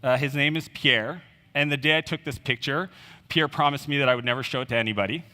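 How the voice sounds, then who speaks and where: Bright-voiced man telling a story on stage. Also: medium pitch, fast talker. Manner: conversational, with fillers and quoted dialogue. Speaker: conference speaker. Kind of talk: storytelling keynote talk. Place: conference stage in a large hall. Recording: reverberant hall.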